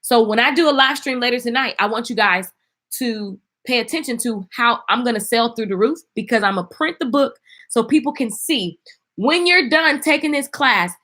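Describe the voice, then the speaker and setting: Talking straight to her audience over a phone mic, a livestream host promoting an online course keeps things chatty and full of laughter. She speaks at a moderate pace in a somewhat bright, higher voice with lively intonation.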